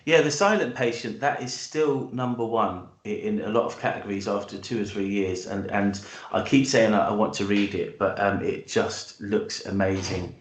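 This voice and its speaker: A man's voice: fairly low pitch, moderate pace, few pauses, echoey room. A British man, a guest author, telling his story in a hesitant, enthusiastic way with many restarts. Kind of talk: casual interview chat and storytelling.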